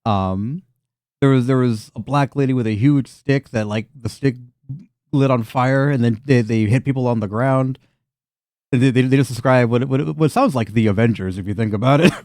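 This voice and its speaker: A man with a warm, smooth voice narrates a tabletop game as its game master, sketching scenes loosely and restarting his sentences often. He sounds close to the mic in a dry room. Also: medium pitch, normal speed, no room sound. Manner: loose, rambling description with frequent restarts and fillers.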